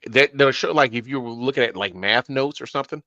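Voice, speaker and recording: A man's voice: medium pitch, brisk, sharp tone, no echo, highs cut off. A man co-hosting a podcast, chatting casually and rambling with fillers. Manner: laid-back, rambling with fillers. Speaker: podcast co-host. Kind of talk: casual chat.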